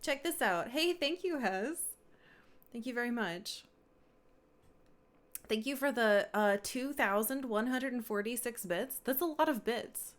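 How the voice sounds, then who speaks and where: A woman's voice: fairly high pitch, lively intonation, unhurried, pauses often. A woman live-streaming a game, chatting casually, swearing and thanking viewers.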